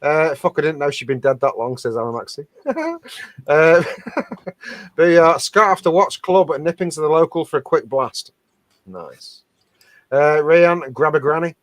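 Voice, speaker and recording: Male co-host, higher-leaning voice, dry close sound, chatty and giggly reading comments. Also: expressive, unhurried, no room sound. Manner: chatty, laughs often, reads comments aloud. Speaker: co-host reading out viewer captions. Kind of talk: casual live-stream banter.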